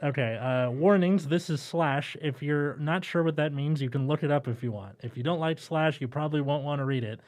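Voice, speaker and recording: A man hosting a comedy podcast, joking and swearing in quick asides, also reading narration aloud. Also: a little high, a little mellow. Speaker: podcast host. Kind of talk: casual comedy podcast chat. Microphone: recorded wearing a mask.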